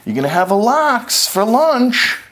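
A man voices an eager royal chef in an extremely high pitch, well above his own voice, with a fawning, sing-song delivery. The performance is very animated, unhurried, fairly bright, and heavily acted.

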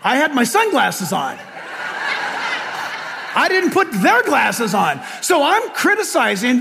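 High-voiced older pastor preaching. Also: male voice, slow pace, creaky, long reverb tail, a faint crowd, slight background noise. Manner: animated storytelling with humor. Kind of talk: sermon.

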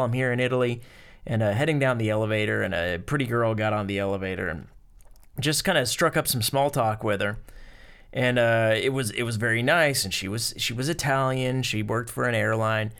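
A man's voice: medium pitch, fairly bright tone, smooth. Middle-aged American man, podcast co-host, casual, joking, rambling anecdotes. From United States. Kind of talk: casual chat.

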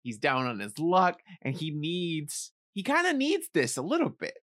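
A co-host on a casual movie podcast, talking with a lively, swinging pitch. The recording is dry and close, with no room sound. They laugh easily and toss in quick asides. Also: dry recording.

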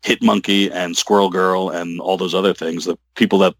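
Deep-voiced guy, halting and restarting a lot, dry close sound. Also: little pitch movement, no echo. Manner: rambling, halting, many restarts. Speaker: comic book writer guest. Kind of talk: casual interview talk.

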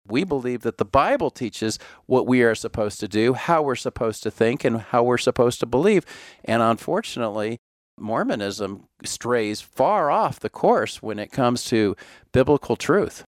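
A man's voice: mid-range voice, dry recording, clean studio sound. A man co-hosting a scripted discussion, earnest and full of pointed questions. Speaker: co-host.

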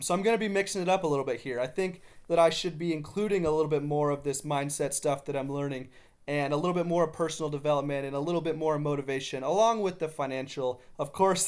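A man's voice: fairly high pitch, smooth. A man hosting his own podcast, telling a story with enthusiasm and quoting others in his own voice. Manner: frequent restarts and fillers, enthusiastic. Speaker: podcast host. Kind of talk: casual storytelling monologue.

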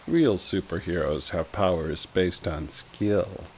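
A man's voice: low voice, slow, slight background noise. A man voicing a bratty rich boy who plays vigilante, smug and dismissive.

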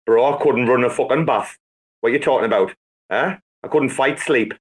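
A man, bantering loudly and swearing a lot in a rowdy group chat. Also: medium pitch, moderate pace. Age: 40s. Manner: swearing, rambling, loud and jokey. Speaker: Twitter Space participant.

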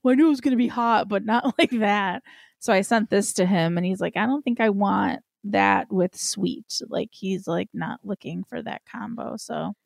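A woman's voice: medium pitch, normal speed, gravelly, dry recording, clean studio sound. A woman co-hosting a podcast in casual chat, blunt, crude and self-mocking.

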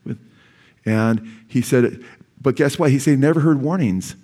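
A man's voice: mid-range voice, normal speed, mellow. A man preaching a sermon as pastor, earnest and urgent, with sudden emphatic rises in his voice. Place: church sanctuary.

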